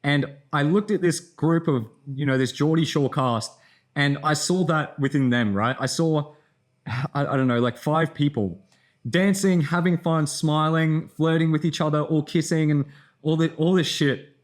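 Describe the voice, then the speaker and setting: A man's voice: fairly high pitch, a little slow. A tired young man in a casual vlog, telling a rambling story with lots of fillers and swearing. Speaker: content creator.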